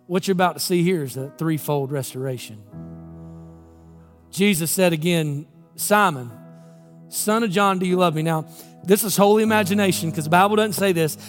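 A male pastor with a high voice delivers an impassioned, emphatic sermon. He keeps throwing rhetorical questions at the congregation, and soft music plays faintly underneath.

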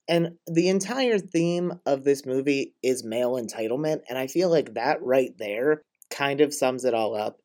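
A man's voice: medium pitch, animated, measured pace, a little mellow. Sardonic young man swearing bluntly. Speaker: podcast co-host. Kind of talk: casual movie recap chat.

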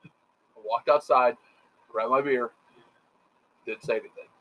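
A middle-aged man telling rambling, profane stories in a casual chat, animated and full of quoted voices. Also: medium pitch, a little slow. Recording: dull lo-fi sound.

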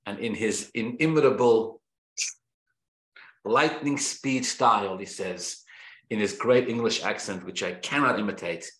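A man's voice: fairly low pitch, measured pace, a bit bright. A man giving a Torah class, reading Hebrew verses aloud, then translating and explaining them, and repeating key phrases for emphasis. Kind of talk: Torah lesson. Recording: echoey room.

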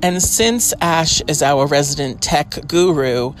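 Woman podcast host, chatty, rambling, lots of ums, slow pace, phone recording in a parked car. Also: sits low, faint music behind. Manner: rambling, chatty, filler-heavy. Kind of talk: casual solo update.

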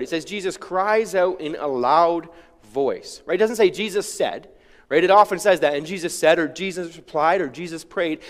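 A man preaching a sermon in a casual, conversational way, often checking in with listeners by asking "right?". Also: sits high. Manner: conversational, uses rhetorical "right?". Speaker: pastor. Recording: long hall reverb.

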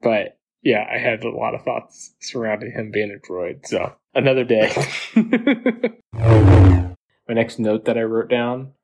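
A man's voice: on the low side, very animated, slow, a little mellow, slight background noise. A man co-hosting a casual podcast, giggling and rambling as he talks through his notes on a film. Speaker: podcast co-host. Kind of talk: casual movie-discussion chat.

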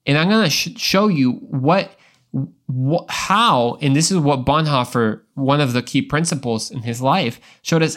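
A young adult man hosting a Christian devotional podcast, talking in an earnest, emphatic way with frequent restarts and repeated words. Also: on the high side. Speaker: podcast host.

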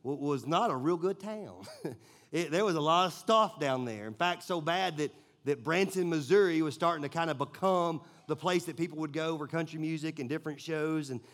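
A Southern man from Tennessee preaching in a church. His voice sits a little high, and he tells the story with animated swings from loud bursts to near-hushed moments. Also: moderate pace. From Nashville, Tennessee, US. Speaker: pastor. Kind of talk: sermon storytelling.

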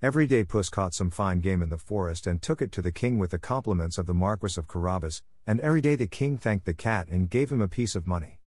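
Guy reading a fairy tale audiobook, lowish voice, dry close sound. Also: fast, few pauses, no room sound. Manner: steady, even storytelling. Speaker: narrator. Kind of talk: scripted audiobook narration.

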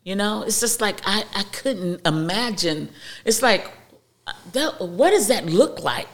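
A woman guest speaking candidly about her recovery, halting and heartfelt, with frequent restarts. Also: mid-range voice, animated.

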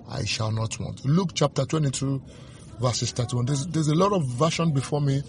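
A man preaching a sermon, slow and fervent, repeating refrains and reading scripture aloud. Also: mid-range voice, soft background music.

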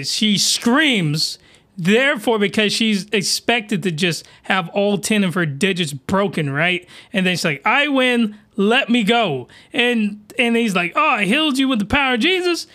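Male podcast host, animated, crude, high-pitched, bright tone. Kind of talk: reaction commentary.

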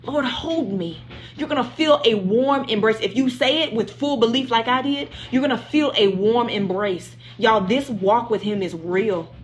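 A woman's voice: a little high, moderate pace, few pauses. A woman leading a livestreamed Bible study, preaching with passion, repeating phrases and praying aloud over her listeners. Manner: impassioned, repetitive preaching with prayer.

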